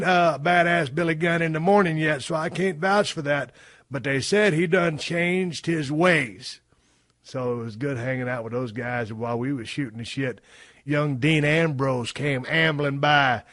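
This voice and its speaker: A man's voice: a little slow, no echo, clean studio sound. Profane folksy middle-aged man. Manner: profane, folksy, swings from low mumbles to loud bursts. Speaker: podcast host. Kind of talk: casual storytelling monologue.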